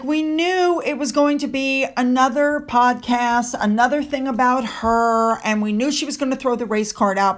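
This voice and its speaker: A woman with a high voice talks through the news in casual, opinionated commentary. She is sarcastic and indignant, reading out quotes and answering them with scorn. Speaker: commentary channel host.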